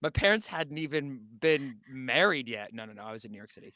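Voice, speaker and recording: A man co-hosting a podcast, throwing in quick jokey asides. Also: mid-range voice, lively intonation, pushed and bright, dry recording. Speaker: podcast co-host. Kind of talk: casual interview chat.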